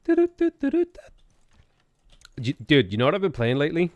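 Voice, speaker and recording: A man's voice: medium pitch, animated, very fast, no room sound, lo-fi sound. A man chatting casually and jokingly as he livestreams a strategy game, rambling from topic to topic. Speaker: gaming streamer.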